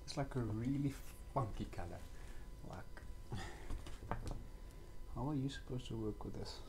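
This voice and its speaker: A man's voice: medium pitch, fast talker, background noise. A young man reviewing a toy kit in a casual vlog, muttering and sighing with exasperation as he paints.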